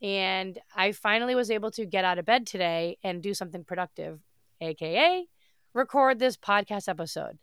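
A woman's voice: medium pitch, lively intonation, normal speed, a bit bright, clear, resonant tone, no echo, clean studio sound. A woman hosting her own podcast, talking alone in an upbeat, gushing way, her voice nasal from a stuffy head cold. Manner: upbeat, gushing, casual with mild swearing. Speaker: podcast host. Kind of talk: solo podcast monologue.

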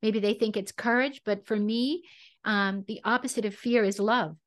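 A woman's voice: mid-range voice, steady tone, normal speed. Woman, podcast host, casual interview, affirming, often agrees. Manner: warm affirming, frequent "yeah".

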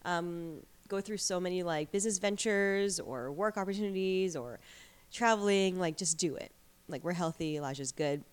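A woman's voice: fairly low pitch, moderate pace, clean tone. A woman in her thirties in a casual chat as a guest, telling stories with lots of likes and you-knows. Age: 30s. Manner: chatty storyteller, many likes and you-knows.

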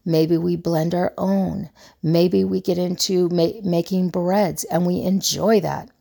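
A woman in her fifties, a relationship coach and podcast host, gives a casual advice monologue on her show. Her voice is lowish, steady, slow, creaky and mellow, and she talks earnestly but rambles, with many fillers and restarts.

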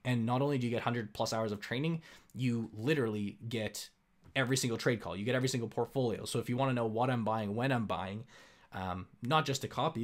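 A young man from Canada talks through his investments in a loose, conversational way. He leans on fillers and restarts, then hits his points with emphasis. His voice sits at an ordinary middle pitch. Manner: chatty, filler-heavy, emphatic. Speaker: investing channel host. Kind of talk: casual explainer talk.

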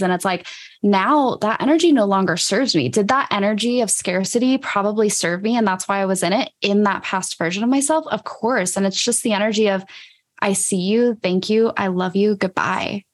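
Enthusiastic woman podcast host. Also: medium pitch. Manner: enthusiastic, laughs often, playful self-quoting. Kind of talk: casual podcast chat.

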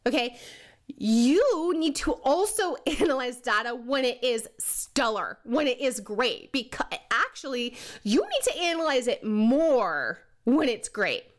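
A woman's voice: high voice, sing-song, a little slow. A woman giving a casual motivational talk on leadership, who laughs often and keeps checking in with "okay?" and "right?". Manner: chatty, laughs often, puts on silly voices for people she mocks; says "okay?" and "right?" a lot. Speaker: leadership coach.

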